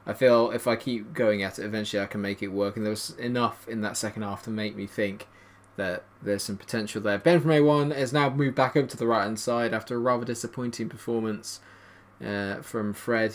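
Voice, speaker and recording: Excitable man commentating a football game. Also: fairly low pitch. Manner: excitable, shouts at goals, dry jokes. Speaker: gaming YouTuber. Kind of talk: gameplay commentary.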